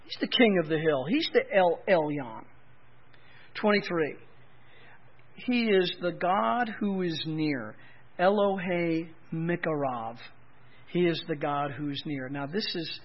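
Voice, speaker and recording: Middle aged guy preaching a sermon, highish voice, goes loud n emphatic then drops quiet, jokey asides. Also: muffled recording. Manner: animated preaching, rising to emphatic peaks then dropping low; folksy asides and humor. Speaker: pastor.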